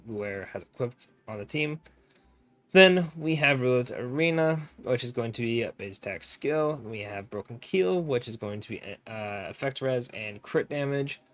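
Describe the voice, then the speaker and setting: A man's voice: fairly low pitch, fairly bright tone. A young man giving casual game guide commentary, rambling and often forgetting names with self-mocking asides. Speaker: gaming content creator.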